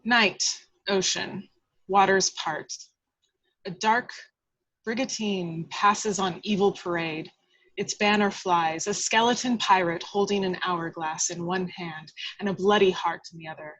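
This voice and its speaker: A woman reading a screenplay's action lines aloud in a measured, expressive way at a table read over a video call. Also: medium pitch, dry recording, low-quality recording.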